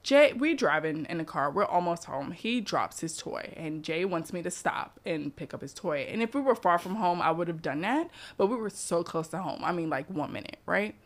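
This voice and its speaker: A woman, co-hosting a casual podcast and telling lively family stories, acting out her children's voices. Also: fairly low pitch, normal speed, hardly any pauses. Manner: animated storytelling, acts out her kids' voices. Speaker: podcast co-host. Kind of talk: casual chat.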